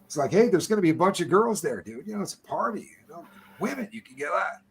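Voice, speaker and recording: Speaking quickly in a high-pitched voice, a middle-aged man appears as a podcast guest. In a relaxed conversation he recounts prison stories with lots of animation, performing the lines of the other people in them.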